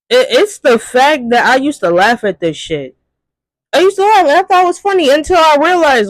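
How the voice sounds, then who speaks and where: Outraged ranting man, high lively voice. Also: normal speed, no room sound, rough recording. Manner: outraged, profane, exasperated rhetorical questions. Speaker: commentary youtuber. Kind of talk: ranting movie commentary.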